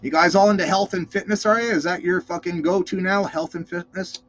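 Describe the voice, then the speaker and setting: A man's voice: high voice, steady tone, brisk, fairly bright tone, slight background noise. A man hosting a casual reaction vlog, rambling and swearing constantly. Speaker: vlog host. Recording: lo-fi dull sound.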